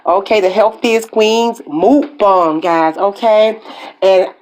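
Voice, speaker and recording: A woman's voice: medium pitch, a little mellow. Upbeat woman hosting a mukbang. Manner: upbeat, drawn-out phrases with a lot of "okay, guys". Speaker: mukbang host. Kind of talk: casual chat to camera.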